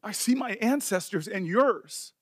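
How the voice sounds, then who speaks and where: A man's voice: high voice, lively intonation, husky. A middle-aged man, a senator, speaking with emotion and passion at a hearing, often restarting his words. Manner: emotional, impassioned, halting restarts. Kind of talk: speech at a hearing.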